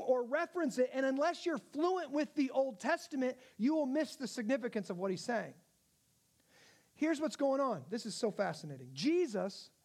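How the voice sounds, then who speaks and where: High-voiced male pastor preaching. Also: darkish tone. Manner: conversational, asks the audience questions. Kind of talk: sermon.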